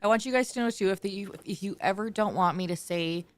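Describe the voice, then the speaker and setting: A woman's voice: mid-range voice, quick pace, no room sound. A woman, the streamer's partner, chatting casually and earnestly with viewers. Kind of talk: casual livestream chat.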